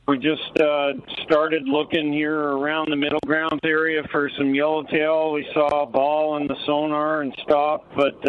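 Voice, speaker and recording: Boat captain on a tinny phone line. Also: male voice, on the high side, slight background noise. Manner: relaxed, plain-spoken report with fillers. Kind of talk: live report by phone.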